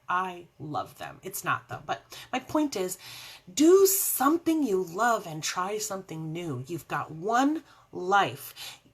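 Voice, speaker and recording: A woman talks to camera at home in a loose, rambling devotional chat, wandering into side stories and laughing often. Her voice sits at an ordinary middle pitch for a woman. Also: fairly bright tone. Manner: chatty and rambling, with frequent laughs and tangents. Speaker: faith vlogger and show host.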